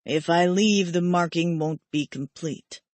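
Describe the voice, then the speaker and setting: A woman voicing a brooding, guilt-ridden young male immortal who speaks low and subdued. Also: unhurried, a little mellow, no echo, close to an everyday voice. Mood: bitter.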